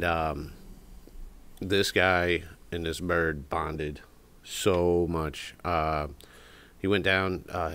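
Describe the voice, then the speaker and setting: A man's voice: low-pitched, fairly bright tone. A man co-hosting a casual podcast from a shop, telling rambling stories with many fillers. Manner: rambling storyteller, mimics a parrot's squawk. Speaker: podcast co-host. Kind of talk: casual chat. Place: cigar shop.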